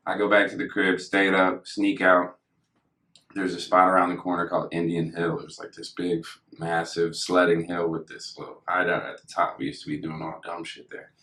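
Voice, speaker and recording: Deep-voiced laid-back man telling stories. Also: little pitch movement, normal speed, pushed and bright. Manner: laid-back, slangy, laughs through stories. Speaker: podcast guest. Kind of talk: casual storytelling. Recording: echoey room.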